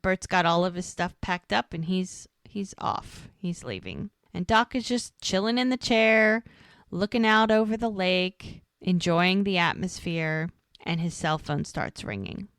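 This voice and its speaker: A woman's voice: lowish voice, smooth, no room sound. Chatty woman recapping a show. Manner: animated, acts out character lines in quick voices. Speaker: podcast co-host recapping episodes. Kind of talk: casual chat, retelling scenes.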